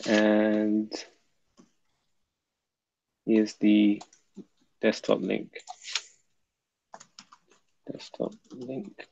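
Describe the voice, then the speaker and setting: A man's voice: lowish voice, completely flat delivery, drawn-out words, gravelly, pauses often, a little mellow, a little hiss or hum. A man hosting a casual livestream, chatting and muttering to himself as he reads comments and sets up links. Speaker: livestream host. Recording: dull lo-fi dry sound.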